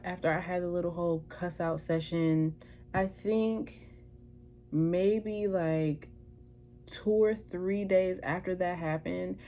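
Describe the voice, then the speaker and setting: A woman's voice: deep voice, dark tone, slight background noise. A young woman vlogger telling a personal story in a casual, chatty way, acting out what people said in different voices. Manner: chatty, acts out quoted dialogue in altered voices.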